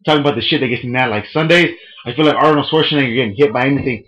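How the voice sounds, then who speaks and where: A man's voice: mid-range voice, very fast, fairly bright tone, dull audio. A young man in a casual, rambling and profane webcam rant from a room at home. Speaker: vlogger. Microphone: webcam microphone.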